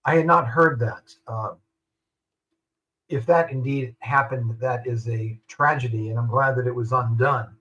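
A man's voice: mid-range voice, fairly even intonation, unhurried, sharp tone, highs cut off. An older man, a retired army general, speaking as a guest in a radio interview, making his points firmly and repeating them for stress.

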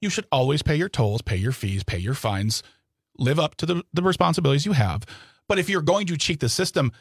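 A man's voice: a little high, lively intonation, brisk, gravelly, breathy edge, no room sound, studio quality. A man co-hosting a radio talk show, joking and adding wry asides in a casual chat. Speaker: radio co-host. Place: radio studio. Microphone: studio microphone.

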